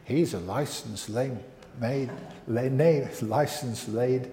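Slow, lively lay minister in an echoey church. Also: male voice, medium pitch. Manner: gentle, coaxing, questions to children. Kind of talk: family service talk with a puppet.

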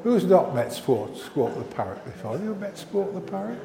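A man, a licensed lay minister, leading a family service with a puppet, gentle and coaxing with children. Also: high-pitched, big pitch swings, normal speed, creaky, crowd noise. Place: church. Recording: echoey church hall.

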